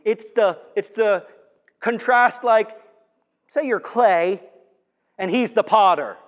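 A male pastor delivers a sermon, his voice sitting a little higher than most men's. He swings between quiet, hushed passages and loud, emphatic bursts. The sound carries the long reverb of a church hall. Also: takes it slowly, pauses often.

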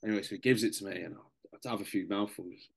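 Young bloke, really low voice, chatty and sweary, telling a story on a podcast. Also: male voice, fast talker, vocal fry, husky. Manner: swears freely, chatty and matey. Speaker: podcast guest, serving soldier. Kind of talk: casual storytelling.

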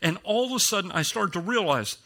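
A man's voice: high-pitched, lively intonation, brisk, pushed and bright. A middle-aged male pastor preaching a sermon in a casual storytelling way, with self-deprecating humor.

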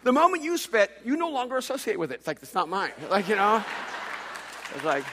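A man gives a sermon in a high, bright voice, jumping between playful humor and stammered restarts as he tells his story. His words echo through a large hall with a long reverb tail. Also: sing-song, brisk, a faint crowd. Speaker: pastor.

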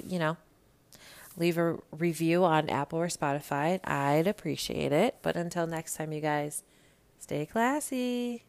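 A woman's voice: lowish voice, smooth. A woman hosting a podcast, giving a blunt, gossipy, casual recap of reality TV, swearing freely. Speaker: podcast host.

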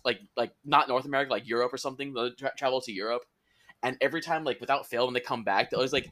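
A man's voice: mid-range voice, very fast, sharp tone. A man co-hosting a comedy podcast, telling jokey stories with casual swearing. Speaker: podcast co-host.

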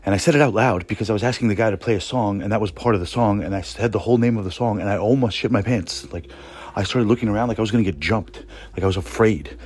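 A man's voice: fairly low pitch, quick pace, a little mellow. A man telling a rambling, profane story in a casual podcast monologue, full of restarts. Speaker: podcast host.

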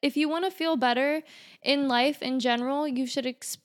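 A woman's voice: high-pitched, fairly even intonation, moderate pace. A young woman co-hosting an advice podcast, chatting casually with many filler words. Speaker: podcast co-host. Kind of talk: casual chat.

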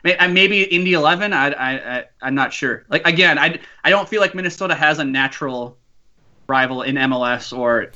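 Joking male co-host, bright tone, muffled lo-fi recording. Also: a little high, fairly quick. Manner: joking, hesitant, laughs often. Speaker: podcast co-host. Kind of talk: casual sports chat.

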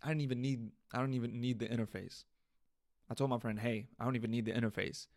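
Animated man venting on his podcast. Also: medium pitch, fast talker, vocal fry, no echo, studio quality. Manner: animated storytelling, swearing and venting. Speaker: podcast host. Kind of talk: casual solo podcast rant. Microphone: USB interface podcast mic.

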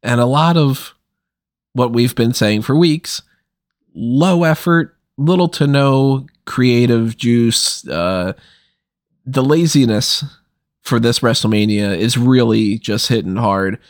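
Dry-sounding podcast host, under the weather. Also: male voice, mid-range voice, slow, no echo. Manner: wry, deflated complaining. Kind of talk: casual podcast chat.

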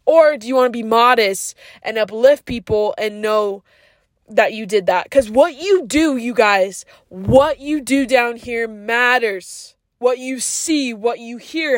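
In a clean studio recording with no echo, a podcast host with a slightly high voice gives a preachy monologue that's casual but earnest. She uses "like" constantly and throws in slang like "yo" and "bro".

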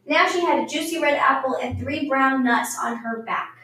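High-voiced woman reading a children's story. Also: moderate pace. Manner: lively, expressive. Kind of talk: storytime read-aloud. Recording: very echoey room, mic far off.

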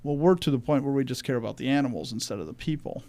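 A man's voice: mid-range voice, rapid-fire, dark tone, no room sound. A man co-hosting a church podcast, speaking emphatically and quoting scripture in a preachy way. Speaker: podcast co-host. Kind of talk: religious discussion podcast.

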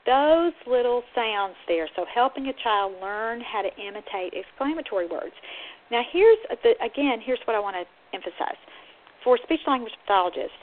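A woman speech therapist and podcast host, explaining teaching methods in an upbeat, lively way and now and then acting out playful sound effects. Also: on the high side, normal speed. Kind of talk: instructional talk. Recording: band-limited, phone-like audio.

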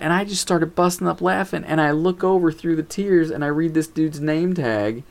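A man's voice: a little high, moderate pace, gravelly, few pauses. A man casually telling a funny story, acting out quotes and laughing as he talks. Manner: animated, acts out quotes, laughs while telling.

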